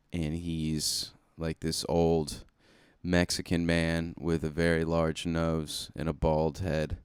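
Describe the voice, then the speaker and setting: A man talks alone into his comedy podcast in a deep, low voice. His sound is crisp and smooth, close and dry. He rambles loosely, cursing and poking fun at himself. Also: no room sound. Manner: rambling, self-deprecating and profane. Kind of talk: casual solo podcast monologue.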